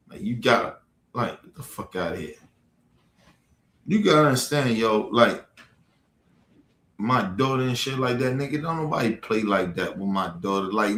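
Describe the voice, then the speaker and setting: A man's voice: mid-range voice, a bit bright. A man delivering an angry, profane, threatening rant as a livestream host. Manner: profane, heated, threatening, repetitive. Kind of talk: angry ranting monologue. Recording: echoey room.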